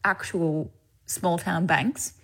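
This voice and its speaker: A woman's voice: fairly low pitch, slow, fairly bright tone, breathy edge. A young woman with an Australian accent, an actress chatting animatedly in an interview and laughing often. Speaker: actress guest. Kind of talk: casual interview chat.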